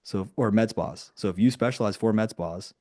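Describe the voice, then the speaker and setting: Energetic man coaching on a video call. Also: normal speed. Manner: energetic, emphatic, fires rhetorical questions; acts out quoted lines in sudden higher voices. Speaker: marketing coach.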